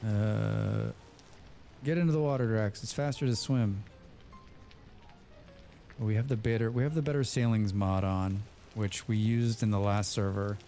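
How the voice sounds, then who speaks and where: A man's voice: fairly low pitch, a little slow, vocal fry, long pauses, dark tone, soft background music. Rambling man playing a game. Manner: rambling, repeats words, playful. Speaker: let's play host. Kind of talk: casual gameplay commentary with friends.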